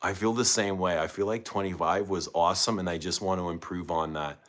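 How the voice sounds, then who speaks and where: Low-voiced male streamer, relaxed and chatty, quizzing his viewers. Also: fairly quick. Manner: chatty, asks viewers questions. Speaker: livestream host. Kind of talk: casual livestream chat reading comments.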